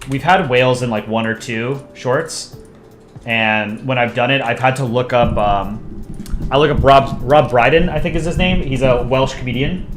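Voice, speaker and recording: A man's voice: mid-range voice, roomy sound. A man casually chatting with his stream audience while drawing, thinking aloud and answering chat requests.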